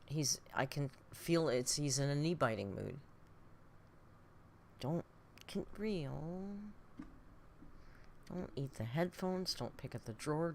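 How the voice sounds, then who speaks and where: A woman's voice: deep voice, expressive, slow pace, gravelly, long pauses, slight background noise. A woman hosting a casual live reaction stream from home, chatty and laughing as she scolds her cat between remarks. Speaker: reaction channel host.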